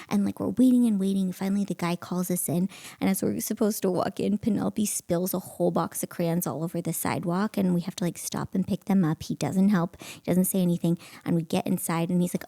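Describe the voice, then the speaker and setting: A woman in her thirties hosts a solo podcast and tells a personal story with animated exasperation, laughing now and then. Her voice is mellow and darker in tone, with a gravelly fry at the ends of phrases, recorded close and dry with no room sound. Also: mid-range voice, a little fast, no room sound. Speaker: podcast host.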